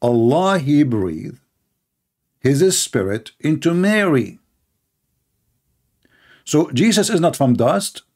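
A man's voice: a little high, sing-song, slow pace, long pauses, darkish tone. Sarcastic man in emphatic commentary. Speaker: religious debater. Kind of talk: polemical commentary.

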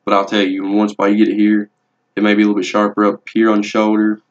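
A man's voice: lowish voice, monotone, fast talker. A young man, rambling and swearing bluntly through a casual vlog about his tattoos. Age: young adult. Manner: profane, rambling, laid-back and blunt. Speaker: vlogger. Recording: dull lo-fi home video audio.

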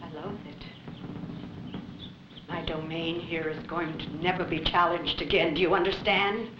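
A woman's voice: on the low side, brisk, far from the mic, close to an everyday voice. An actress playing a stern, domineering woman doctor who runs an asylum, speaking in cold, commanding scolding tones. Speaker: head doctor of a sanitarium. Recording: echoey, dull old film soundtrack with hiss.

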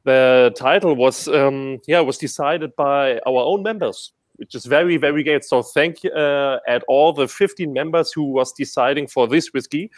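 A man's voice: medium pitch, moderate pace, few pauses, dry recording. A German man speaking English with a German accent, enthusiastically presenting a whisky at a tasting from a whisky shop. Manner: laughs often, enthusiastic. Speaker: whisky ambassador.

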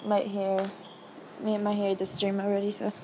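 A woman's voice: medium pitch, completely flat delivery, a little slow, warm tone. A young woman chatting casually on a live stream while she animates, rambling and self-deprecating. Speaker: animator streaming her work. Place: home, seated at a computer. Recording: noisy home live-stream audio.

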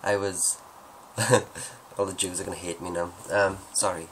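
A man's voice: low-pitched, level tone, measured pace, slight background noise, low-quality recording. A man answering viewer questions at home in a rambling, joking, self-deprecating way. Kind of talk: casual Q&A monologue.

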